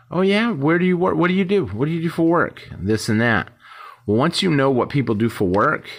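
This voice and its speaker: A man hosting his own channel, talking casually and rambling, acting out short quoted exchanges. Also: fairly low pitch. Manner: rambling, conversational, acts out little quoted exchanges. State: yawning, tired. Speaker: YouTube host. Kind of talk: casual talk to camera.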